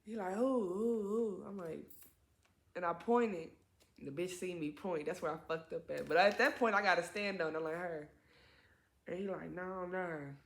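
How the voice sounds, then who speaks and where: A young woman telling a personal story in casual chat, animated and profane, jumping into higher voices to act out what others said. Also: moderate pace, gravelly, reverberant. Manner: animated, profane, acts out quotes in raised voices. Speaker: vlogger.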